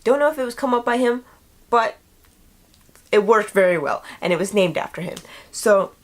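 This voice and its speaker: A young woman chatting casually to the camera in a vlog, animated and playful. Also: on the low side. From United States. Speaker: vlogger.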